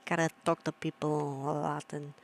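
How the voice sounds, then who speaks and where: A woman's voice: deep voice, little pitch movement, normal speed. A young woman streamer chatting casually with her viewers, rambling and laughing at her own jokes. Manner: chatty, rambling, self-amused, talks to chat. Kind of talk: casual livestream chat.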